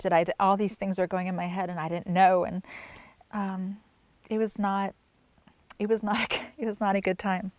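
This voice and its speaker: A middle-aged woman giving personal testimony in an interview, soft-spoken and halting, with many pauses and restarts, sometimes near a whisper. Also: medium pitch, level tone, dry recording. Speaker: sign language interpreter.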